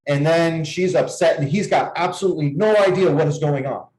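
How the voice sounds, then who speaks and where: A man's voice: fairly high pitch, fairly quick, a little mellow. Earnest man in an echoey room. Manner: earnest, explanatory storytelling. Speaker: dating coach. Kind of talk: casual conversation.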